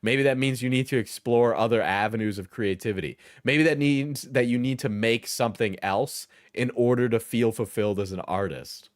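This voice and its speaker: A man hosting a live stream, reacting with rambling, halting commentary and frequent laughs. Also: medium pitch, no echo, clean studio sound. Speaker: streamer host.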